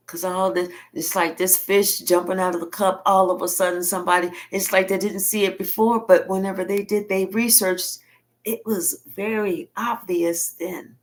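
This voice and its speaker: A woman giving a spiritual reading, telling it like a profane, animated story. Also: lowish voice. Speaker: tarot reader.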